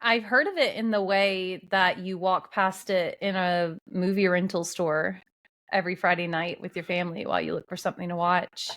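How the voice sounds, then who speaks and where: A woman's voice: lowish voice, steady tone, moderate pace, a bit bright. A woman from the American South co-hosting a casual movie podcast, joking and laughing with her partner. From Southern United States. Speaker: podcast co-host. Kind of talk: casual movie-review chat.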